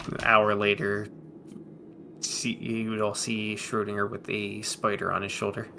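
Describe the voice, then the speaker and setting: A man playing a tabletop game, describing events in a halting way as he searches for words. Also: lowish voice, completely flat delivery, vocal fry, noisy background.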